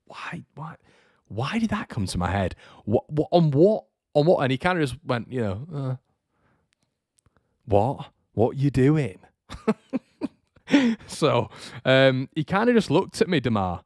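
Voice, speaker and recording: A young fan channel host with a low voice chats loosely and ramblingly on a livestream, stopping now and then to read out viewer comments. The close mic makes the sound dry, with no room or echo.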